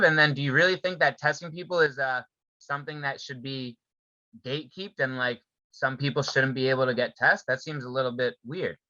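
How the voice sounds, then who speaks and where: Bright-voiced man chatting casually. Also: mid-range voice, dry recording, dull audio. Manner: conversational, questioning, loose with fillers. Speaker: podcast co-host. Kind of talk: casual chat.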